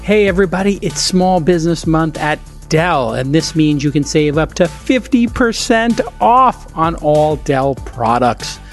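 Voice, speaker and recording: A man hosting a podcast, talking in an energetic, emphatic way with sudden jumps in pitch, reading an ad and chatting casually. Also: a little slow, hardly any pauses, faint music behind. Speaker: podcast host. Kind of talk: casual podcast chat and host-read ad.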